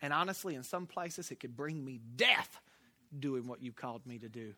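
A man preaching a sermon, telling a lively story with big swings between loud and hushed delivery. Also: medium pitch, moderate pace, no room sound.

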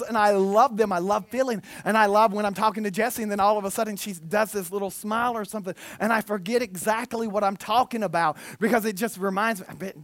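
A man, preaching a sermon as pastor, lively and self-mocking. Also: sits high, fast talker, hardly any pauses, no room sound. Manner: animated, self-mocking, with put-on quotes of listeners. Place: church.

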